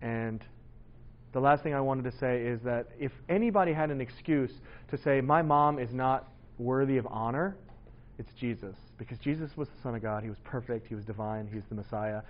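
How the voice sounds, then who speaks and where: A man in his forties giving a casual, lively sermon to teenagers. He tells stories about his children, acts out their voices and laughs often. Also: medium pitch, brisk, dull audio. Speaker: youth pastor.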